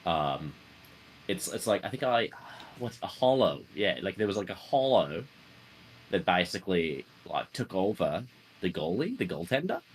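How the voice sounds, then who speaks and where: A man's voice: sits low, big pitch swings, normal speed, slight background noise. A man with a put-on Australian accent telling his character's backstory in a tabletop roleplay, rambling with lots of fillers. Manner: rambling, full of fillers and "mate". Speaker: tabletop player.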